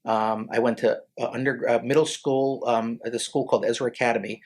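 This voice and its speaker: A man in his forties, a lawyer and podcast guest, telling personal stories in a casual, halting way with many restarts. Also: mid-range voice, steady tone. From Connecticut, USA. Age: 40s. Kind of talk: casual storytelling interview.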